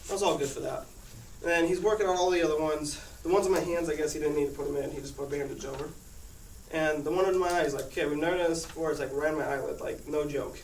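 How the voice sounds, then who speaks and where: A man's voice: a little high, fairly even intonation, rapid-fire. A teenage boy telling a rambling personal story to his class, laughing often as he talks. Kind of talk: casual personal anecdote. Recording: echoey room, far-off mic, noisy.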